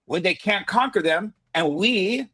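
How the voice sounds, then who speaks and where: A man's voice: high-pitched, expressive, a little slow, sharp tone, breathy edge, poor audio. A man from Afghanistan speaking emphatically and profanely in a heated casual debate, lecturing the panel.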